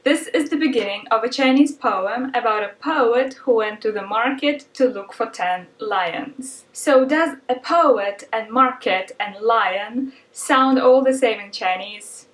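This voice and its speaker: Female language teacher, patient and clear, slightly high voice, roomy echo. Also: unhurried, hardly any pauses, recorded from a distance. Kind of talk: explanatory lesson narration.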